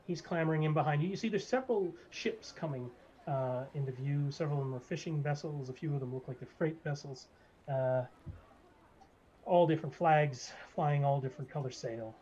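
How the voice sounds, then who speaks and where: A man narrating as game master of a tabletop game, halting and restarting as he goes. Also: a little high, warm tone. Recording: slightly dull lo-fi mic, faint noise.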